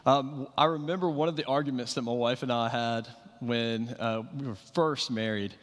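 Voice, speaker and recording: A man's voice: mid-range voice, fairly even intonation, normal speed. Guy in his 30s preaching, chatty, lots of ums and restarts, voice ringing around a big hall. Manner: conversational storytelling with fillers and repeated starts. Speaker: pastor. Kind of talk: sermon. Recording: reverberant hall.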